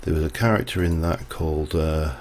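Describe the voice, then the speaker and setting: A man's voice: rumbling low, brisk, darkish tone, a little hiss or hum. A man chatting casually while he plays, rambling off into side stories as he works. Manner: rambling, chatty, digresses mid-task. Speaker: livestreamer. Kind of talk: casual gameplay commentary.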